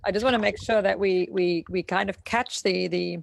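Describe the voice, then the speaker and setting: Brief: female interviewer, short affirmations, gentle steering questions. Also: medium pitch, steady tone, normal speed, vocal fry, a crowd in the background. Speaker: interview host.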